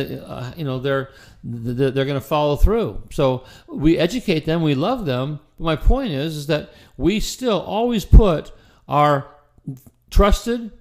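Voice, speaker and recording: A middle-aged man coaching chiropractors in a casual, conversational style that often repeats words and restarts sentences. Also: on the high side. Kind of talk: casual instructional talk.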